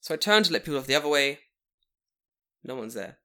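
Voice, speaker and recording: A young man telling a long story in casual chat, profane and animated, acting out what people said. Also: mid-range voice, fast. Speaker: podcast co-host telling a story.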